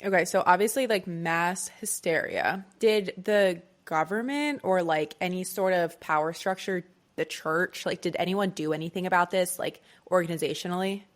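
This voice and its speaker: A woman's voice: fairly low pitch, normal speed, few pauses. A woman co-hosting a casual podcast, chatty and jokey, reacting and asking questions, with lots of "like". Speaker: podcast co-host. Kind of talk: casual history podcast chat.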